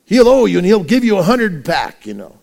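A male pastor preaching a sermon, firing rhetorical questions and acting out anecdotes with lively swings in volume. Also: sits high, fairly quick, gravelly.

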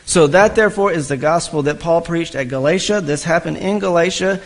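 A man's voice: fairly high pitch, fairly quick, low-quality recording. Questioning male preacher teaching scripture. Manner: asks the listeners questions and answers them himself; reads scripture aloud, then comments on it. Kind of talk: expository sermon teaching.

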